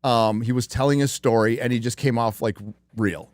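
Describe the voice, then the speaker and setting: Brief: male livestream host, mid-pitched, loose rambling delivery with frequent swearing, dry close mic. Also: fairly even intonation, moderate pace, dry recording. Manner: rambling and profane, with many fillers and restarts. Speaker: podcast host. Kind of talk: casual live-stream chat.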